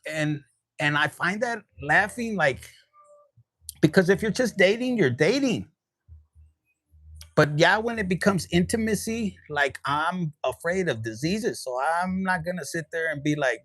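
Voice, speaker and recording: Fields: Sex: man. Role: tarot reader. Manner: candid, profane, joking. Pitch: high. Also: lively intonation, a little slow, fairly bright tone, no room sound. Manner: candid, profane and joking, mixing Spanish words into English. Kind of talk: casual tarot reading livestream.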